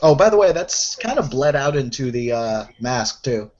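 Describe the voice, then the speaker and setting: A man playing a tabletop game, chatting in an easygoing, relaxed way. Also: medium pitch, moderate pace, slight background noise. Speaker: player. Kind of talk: casual tabletop game chat. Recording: muffled lo-fi recording.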